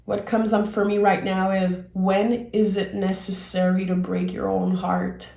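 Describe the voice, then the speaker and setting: A woman giving a reflective tarot reading, gently encouraging and thinking aloud as she turns the cards. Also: medium pitch, completely flat delivery, measured pace, vocal fry. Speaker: tarot reader. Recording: roomy echo.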